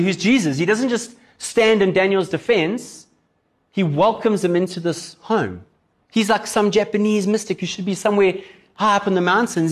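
Animated man preaching a sermon. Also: high-pitched. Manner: casual animated storytelling. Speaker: pastor.

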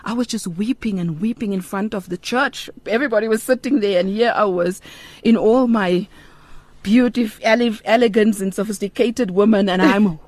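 A middle-aged woman giving a heartfelt personal testimony in an interview, earnest and unhurried with frequent ums. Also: medium pitch, a little mellow, no room sound. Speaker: interview guest.

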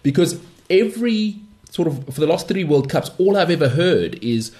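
With a fairly high voice and big pitch swings at normal speed, a South African podcast host holds forth alone about sport. He sounds emphatic and dismissive and uses repeated phrases for effect.

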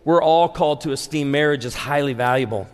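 A pastor in his forties preaching a humorous, story-driven sermon to a live audience, animated and acting out dialogue. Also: fairly high pitch, brisk, clear, resonant tone. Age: 40s. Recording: long hall reverb.

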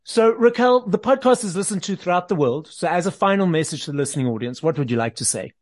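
A man's voice: high-pitched, expressive, quick pace. A man hosting a podcast interview, asking questions and giving brief, encouraging interjections. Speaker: podcast host. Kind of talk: interview host.

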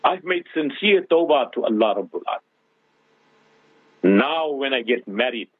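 A man's voice: medium pitch, animated, a little slow, slightly rough, no echo. A male radio host giving religious advice to callers and listeners, preaching with rhetorical questions. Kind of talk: radio Islamic advice talk. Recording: tinny phone-line sound, dry.

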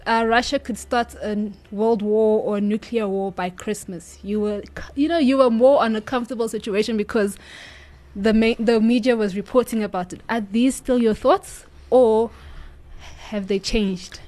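A woman's voice: fairly high pitch, steady tone, normal speed, a little mellow. A woman co-hosting a casual talk show, chatty and questioning, with fillers.

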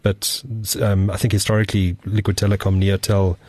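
A man's voice: low-pitched, level tone, brisk, darkish tone, no echo. A man hosting a casual tech podcast, talking with lots of fillers and restarts. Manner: hesitant, many fillers and restarts. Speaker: podcast host.

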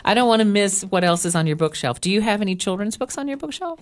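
A woman co-hosting an interview, chatting in an expressive, easygoing way and laughing often. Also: medium pitch, fast talker, no room sound. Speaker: podcast co-host. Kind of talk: casual radio interview chat.

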